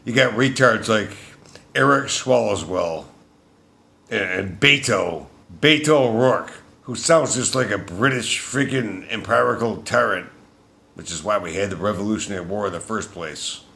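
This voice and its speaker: A man delivering an angry, profane political rant as a vlogger, shouting at times. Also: on the low side, lively intonation, unhurried, creaky.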